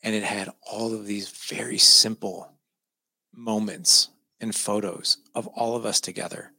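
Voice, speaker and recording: Low, gravelly male guest, bright and emphatic, moved as he tells a family story; dry close sound. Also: flat delivery, measured pace, dry recording. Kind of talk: personal storytelling.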